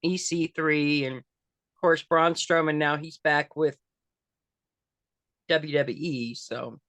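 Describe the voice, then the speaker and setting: A woman's voice: low voice, fairly even intonation, slow pace, a bit bright, no room sound. An older woman chatting as an interview guest, rambling with lots of fillers and restarts. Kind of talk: casual interview chat.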